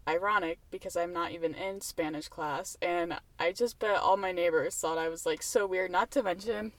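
A woman's voice: on the low side, fairly even intonation, moderate pace, dry recording. Chatty young woman podcasting from a car. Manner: chatty, rambling, laughs often, many fillers. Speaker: podcast host. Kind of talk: casual chat. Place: inside a parked car.

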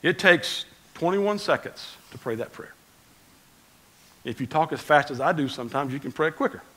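A man preaching a conversational sermon as pastor, swinging between loud emphasis and quiet asides. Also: a little high, lively intonation, moderate pace, husky, low-quality recording.

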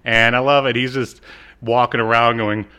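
Smooth-voiced man recapping with laughs. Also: medium pitch, level tone, moderate pace, sharp tone. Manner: laughs while retelling, acts out character lines. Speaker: podcast co-host recapping an episode. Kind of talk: casual chat.

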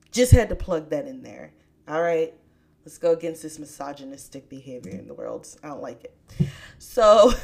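A woman hosting a podcast, talking about scripture in a casual, chatty way with bursts of excitement. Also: lowish voice. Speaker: podcast host. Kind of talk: casual faith podcast talk.

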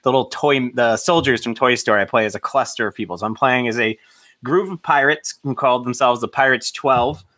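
A man with a bright, sharp-edged voice joins a tabletop game as a player. He chats casually and eagerly throws in ideas. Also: medium pitch, a little fast.

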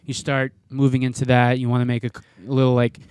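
A man's voice: mid-range voice, monotone, fast talker, a little mellow, smooth, no echo, clean studio sound. A man co-hosting a casual podcast chat, rambling and restarting his thoughts as he goes. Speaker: podcast co-host.

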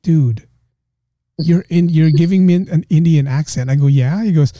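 A man's voice: fairly high pitch, normal speed, dry recording, clean studio sound. A man hosting a podcast, telling funny stories in casual chat and laughing often. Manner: laughing storyteller, animated asides. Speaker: podcast host.

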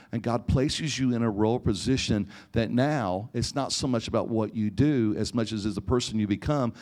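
A man's voice: mid-range voice, darkish tone. A man preaching a sermon, telling personal stories and acting out conversations with frequent restarts. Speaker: pastor.

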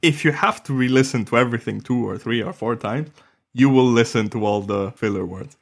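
Casting note: male podcast co-host, casual chat, animated delivery, quick laughs, pitch spikes when excited. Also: gravelly.

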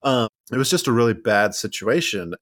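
With an animated, mid-range voice at normal speed, this history podcast co-host wanders through his points, full of "like" and false starts, chuckling at the ironies. The sound is clean studio audio with no room sound.

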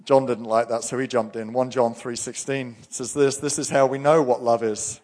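A man's voice: mid-range voice, fairly even intonation, normal speed, a little mellow. Man, pastor, earnest sermon, emphatic, long hall echo. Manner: earnest, emphatic preaching, reads scripture aloud.

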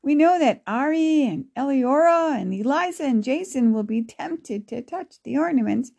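A woman's voice: high voice, lively intonation, moderate pace, vocal fry, mellow. A woman voicing a cheerful, sensible young girl in a read-aloud storybook. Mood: eager. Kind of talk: storybook reading.

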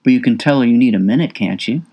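Calm, reassuring female therapist, as a man reads her. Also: mid-range voice, breathy edge, lo-fi sound. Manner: measured, reassuring.

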